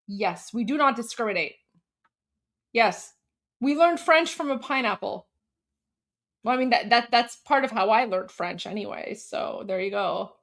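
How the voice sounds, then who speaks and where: A woman's voice: a little high, expressive, measured pace, a bit bright. A woman in her forties from Canada, hosting a live stream in a bubbly, chatty way with frequent laughter. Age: 40s. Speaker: livestream host. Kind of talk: casual live-stream chat.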